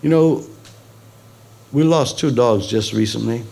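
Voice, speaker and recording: A male pastor preaching a sermon, with sudden high emphatic peaks and conversational asides to the congregation. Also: a little slow, vocal fry, dark tone.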